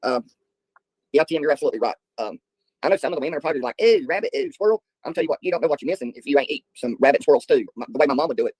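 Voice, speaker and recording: A man's voice: mid-range voice, very fast, a little mellow, breathy edge, no echo, poor audio. A middle-aged man, hosting a livestream and chatting with viewers in a rambling, folksy way. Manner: rambling, folksy storytelling with filler ums. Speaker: livestream host. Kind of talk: casual chat answering viewers.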